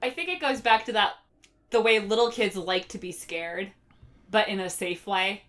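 Casting: a lively woman podcast co-host, casual and quick to laugh. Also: mid-range voice. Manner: animated, laughs often, acts out lines. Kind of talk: casual film discussion.

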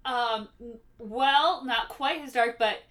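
A woman co-hosting a casual film podcast, animated, laughing often and acting out lines. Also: a little high, slow pace. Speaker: podcast co-host.

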